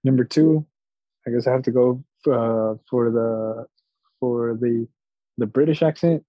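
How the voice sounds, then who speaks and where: A man's voice: mid-range voice, unhurried, no room sound. A man co-hosting a casual podcast chat, talking hesitantly with many fillers. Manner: hesitant, lots of fillers and trailing off. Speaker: podcast co-host. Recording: dull lo-fi mic.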